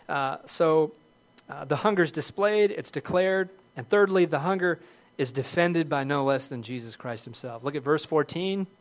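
Middle-aged guy preaching a sermon, kinda high voice, earnest and chatty. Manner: earnest, conversational preaching with rising emphasis. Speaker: pastor.

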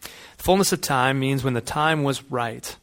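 A man's voice: mid-range voice, a little slow, a bit bright. A man preaching a Christmas sermon in a conversational way, mixing scripture with everyday anecdotes. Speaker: pastor.

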